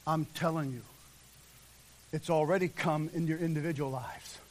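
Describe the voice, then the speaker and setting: A man preaching a sermon as pastor, impassioned, swinging from shouts to hushed whispers. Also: a little high, fairly even intonation, normal speed.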